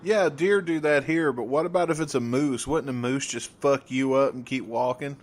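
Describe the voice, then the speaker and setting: A man's voice: mid-range voice, moderate pace. A man from the southern United States co-hosts a podcast in a mid-range voice. He chats loosely and laughs a lot. He often stumbles and repeats words as he talks. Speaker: podcast co-host. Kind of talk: casual chat.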